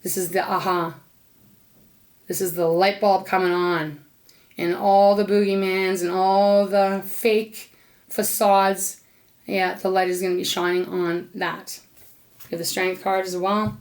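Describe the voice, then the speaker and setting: A woman's voice: mid-range voice, flat delivery, a little slow, a little mellow. A woman giving an unscripted tarot reading, talking earnestly and emotionally to the viewer and aloud to Spirit, with the odd casual swear. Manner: talks aloud to Spirit between cards. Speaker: tarot reader.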